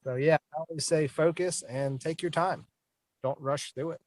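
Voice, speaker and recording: A man on a program panel giving plain-spoken, relaxed advice about bidding jobs. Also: a little high, moderate pace, rough recording. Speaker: estimator coach. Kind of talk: online panel discussion.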